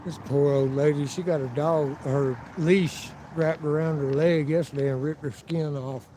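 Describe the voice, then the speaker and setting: A man's voice: fairly high pitch, steady tone, normal speed, warm tone, slight background noise, poor audio. A man live-streaming while walking outdoors, telling rambling, profanity-filled stories and acting out what people said. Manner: profane, rambling storyteller who acts out quotes. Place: outdoors by a river and town streets.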